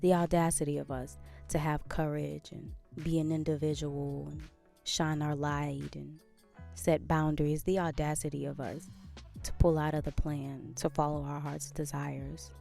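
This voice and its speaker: A woman's voice: low-pitched, level tone, normal speed, gravelly, dark tone, faint music behind. A woman hosting a podcast, talking earnestly in a casual motivational monologue and repeating phrases for emphasis. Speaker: podcast host.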